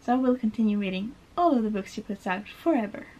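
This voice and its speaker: In this casual book tag vlog, a young book vlogger from Norway rambles emotionally about favorite books, gushing and dropping "like" constantly. She talks fast at a medium pitch with lively intonation and a dark tone, though the audio is poor.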